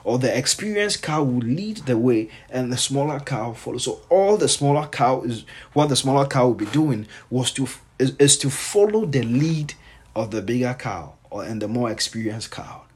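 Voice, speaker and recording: A man's voice: medium pitch, husky. A male pastor preaching a sermon, repeating his points with emphasis and reading scripture aloud.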